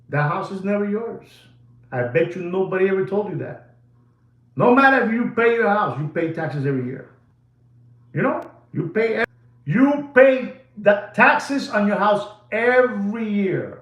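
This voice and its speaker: A man's voice: high voice, a bit bright, reverberant. A man hosting a live watch-sale stream, talking in a rambling, emphatic way and repeating phrases over and over.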